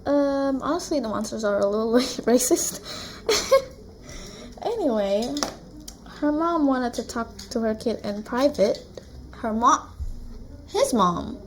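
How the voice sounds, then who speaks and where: A woman's voice: on the high side, animated, slow pace, long pauses, slight background noise. A woman vlogger casually retelling a novel at home, chatty and rambling, with many asides. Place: room at home with a blue wall.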